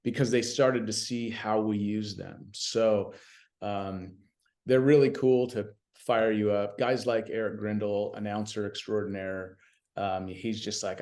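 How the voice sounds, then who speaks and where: A man telling stories as a guest in a casual podcast conversation, animated and chatty, often saying "you know what I mean.". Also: on the low side, measured pace. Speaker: podcast guest, BMX announcer.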